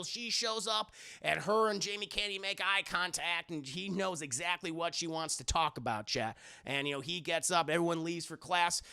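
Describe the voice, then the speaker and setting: A man's voice: sits high, vocal fry, sharp tone. A man casually reviewing a film on a live stream, swearing freely, laughing often and talking straight to his chat.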